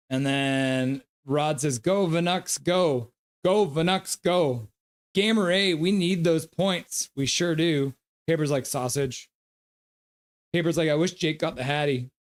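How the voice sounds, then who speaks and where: A man with a somewhat high voice hosts a casual live stream. He reads out viewer comments and calls the plays loosely as they happen. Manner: gives loose play-by-play; coos at his dog. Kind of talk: casual live game reaction and chat reading.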